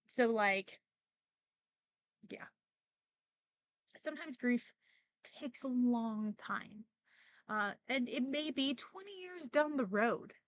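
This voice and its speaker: A woman's voice: on the high side, expressive, slow, long pauses, no echo. A young woman hosting a podcast, talking casually and emotionally with many fillers and restarts, near tears at times. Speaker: podcast host. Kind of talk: casual personal monologue.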